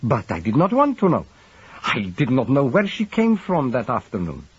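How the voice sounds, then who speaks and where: A man's voice: mid-range voice, wildly swooping pitch, normal speed, slightly rough, lo-fi sound, pitched above the performer's own voice, exaggerated voice. A man voicing a formal middle-aged foreign husband whose wife has died, speaking in stiff careful sentences that break into anguish. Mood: pleading.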